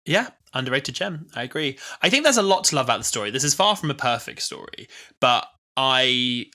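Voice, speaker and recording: Bright-voiced young man on a podcast. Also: medium pitch, expressive, fairly quick. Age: 20s. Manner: chatty, many fillers and restarts, laughs a lot. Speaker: podcast co-host. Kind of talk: casual chat.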